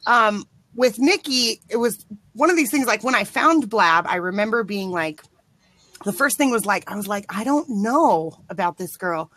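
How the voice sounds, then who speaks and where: A woman from Utah, a guest in a casual online video chat, talking in a relaxed, rambling way. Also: medium pitch, moderate pace.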